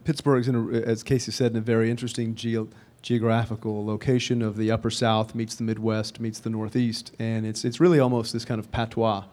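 A man who wrote and directed a film, answering interview questions in a measured, deliberate way. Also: lowish voice, level tone, a little mellow. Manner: measured, deliberate, with occasional fillers.

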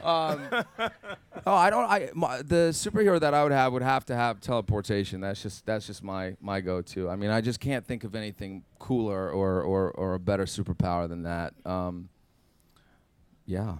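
A man's voice: on the low side, moderate pace, clear, resonant tone. A man on a panel telling an anecdote, self-deprecating and laughing easily. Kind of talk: panel storytelling.

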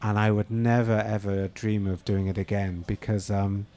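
A man's voice: fairly low pitch, little pitch movement, normal speed, dark tone. A middle-aged man, a novelist and screenwriter, answering interview questions thoughtfully, with frequent fillers and restarts.

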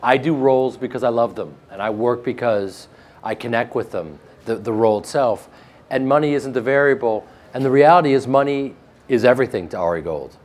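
A man with a flat Midwestern American accent, a guest actor telling joking stories in a casual interview. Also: mid-range voice, brisk. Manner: joking, animated storytelling with laughs.

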